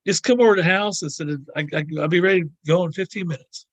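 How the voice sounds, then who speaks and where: A man's voice: high-pitched, fast, dry recording. An older man, a podcast guest, telling a long story in a rambling way, repeating words and acting out the people he quotes. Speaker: guest sharing encounter stories. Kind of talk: casual storytelling.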